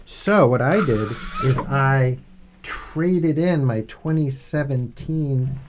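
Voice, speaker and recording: A man's voice: mid-range voice, takes it slowly, slight background noise. A man in his fifties hosting a casual unboxing vlog as a father, patient and teasing, explaining things step by step.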